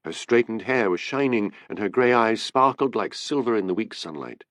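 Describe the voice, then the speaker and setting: Male audiobook narrator, lowish voice, lively pitch, dry close sound. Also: normal speed, dry recording. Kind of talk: scripted narration.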